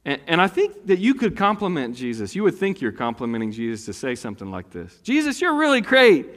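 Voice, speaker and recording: A man's voice: mid-range voice, very animated, fast talker. A male pastor delivering a conversational sermon, telling a story with acted asides. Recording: long hall reverb.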